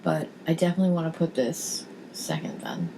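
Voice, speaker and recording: A woman's voice: deep voice, big pitch swings, a little fast, vocal fry, mellow. A tired woman in her thirties, a podcast guest, answering in a dry, unsure, offhand way. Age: 30s. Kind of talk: casual podcast chat. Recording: faint background noise.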